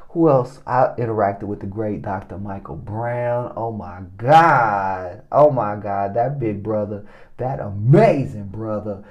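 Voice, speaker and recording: A man's voice: fairly low pitch, measured pace, a little mellow, dull audio. A man giving a casual testimony monologue into his own recording mic, effusive and exclamatory, repeating himself often. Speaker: podcast host.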